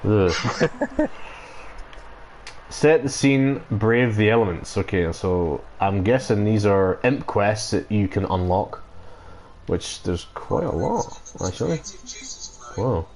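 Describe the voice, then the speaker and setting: A man streaming a video game, giving casual commentary, excitable and sweary, breaking into loud laughs and whoops. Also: lowish voice, takes it slowly, long pauses, slight background noise, poor audio. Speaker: gaming streamer.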